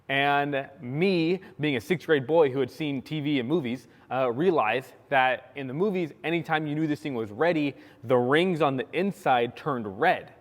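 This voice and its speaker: Animated young man preaching in a reverberant hall. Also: mid-range voice, moderate pace, hardly any pauses. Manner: animated storytelling, acting out quotes, many likes. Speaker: pastor. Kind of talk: sermon with personal story. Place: church sanctuary.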